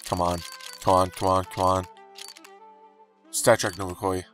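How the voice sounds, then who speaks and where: A young man commenting as he opens game cases, frustrated and pleading, breaking into high outbursts. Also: little pitch movement, measured pace, a bit bright, faint music behind. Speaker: gaming YouTuber. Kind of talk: game case-opening commentary.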